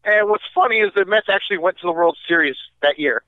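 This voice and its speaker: A man co-hosting a podcast in casual chat, an easygoing storyteller with quick comebacks, heard over a tinny phone-like line. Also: high-pitched, no room sound. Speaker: podcast co-host.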